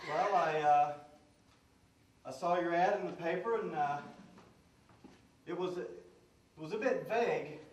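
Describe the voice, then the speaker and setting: A man playing a hesitant customer in a live comedy sketch, halting and full of uhs. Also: fairly high pitch, slight background noise. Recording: roomy stage sound from far off.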